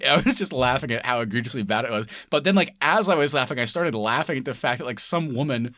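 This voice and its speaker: A man's voice: mid-range voice, lively intonation, fast talker, pushed and bright, no room sound, studio quality. A man co-hosting a podcast, chatting casually and laughing often as he retells scenes. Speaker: podcast co-host. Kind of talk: casual chat.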